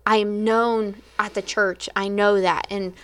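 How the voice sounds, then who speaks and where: A woman's voice: medium pitch, little pitch movement, a little slow, smooth. A young adult woman, a teacher, telling a personal faith testimony in a chatty, storytelling way, acting out her own quotes and laughing often. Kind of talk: casual spoken testimony.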